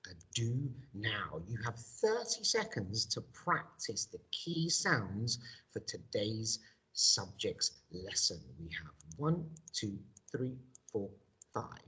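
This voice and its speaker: A male teacher giving a recorded video lesson. He speaks slowly and deliberately, modelling each word for pupils to repeat and stressing every sound. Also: lowish voice, very animated, pushed and bright, husky.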